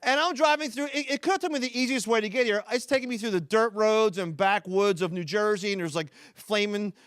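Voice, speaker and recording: A man with a Philadelphia accent doing a stand-up comedy set before a live audience, talking fast and rambling with restarts and asides to the crowd. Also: high-pitched, a bit bright, smooth, no room sound, clean studio sound.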